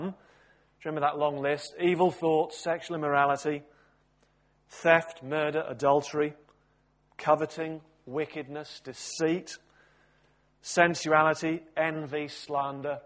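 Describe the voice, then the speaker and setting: A man preaching a sermon, telling a story expressively with big swings in loudness. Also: on the high side.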